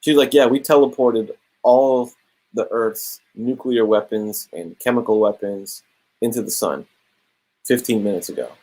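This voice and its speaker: A young man casually reviewing a comic book, talking in a relaxed, slangy way. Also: fairly low pitch, a little slow, low-quality recording. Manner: laid-back slangy, drops "bro" and "straight up".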